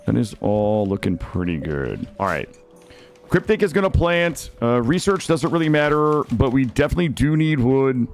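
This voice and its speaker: A young man streaming a game, chatting casually and excitably as he plays. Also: mid-range voice, normal speed, soft background music. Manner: excitable, chatty, prone to screaming. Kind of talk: casual gameplay commentary.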